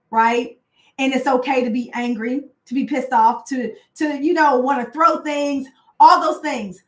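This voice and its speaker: In a roomy-sounding clip, a woman coach and host with a fairly high voice talks motivationally in a casual, conversational way. She's passionate, uses many fillers, and grows more indignant.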